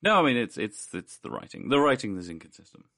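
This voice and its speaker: A man's voice: medium pitch, very animated, quick pace, fairly bright tone, no room sound, clean studio sound. A man co-hosting a podcast in casual chat, giving blunt, laid-back opinions. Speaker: podcast co-host.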